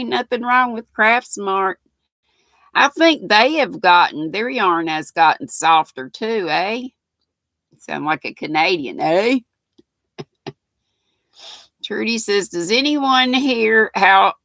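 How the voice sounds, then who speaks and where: A woman's voice: medium pitch, creaky, sharp tone, no echo. An older woman hosting a casual livestream, chatting homely and reading out viewers' comments as she greets them by name. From North Carolina, US. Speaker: livestream host.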